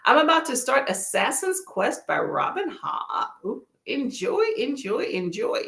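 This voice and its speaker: Her voice sits high and swings widely in pitch, a bit slow, creaky and somewhat bright, with a roomy sound. She's a Texan woman with a Texan accent running a casual livestream, chatting folksily, saying "y'all," and reading chat messages aloud.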